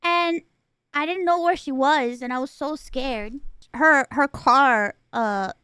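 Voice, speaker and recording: Woman streamer, high and bright-toned, rambling emotional storyteller who swears a lot, close dry sound. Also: slow, dry recording.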